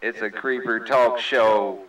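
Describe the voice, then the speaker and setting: A man's voice: lowish voice, fairly even intonation, slow pace, fairly bright tone. A man hosting a casual CB radio chat, making friendly jokes and using radio lingo. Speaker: CB radio host. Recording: roomy CB radio audio heard from a distance.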